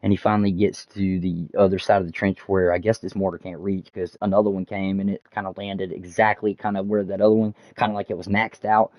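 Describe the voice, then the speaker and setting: A man with a very low voice tells a long story as he streams, stumbling through fillers and restarts and swearing freely. His mic sounds dull and lo-fi, in a dry room with no echo. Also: little pitch movement, fast talker, few pauses. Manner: rambling, many fillers and restarts, swears often. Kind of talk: casual storytelling while gaming. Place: home streaming setup.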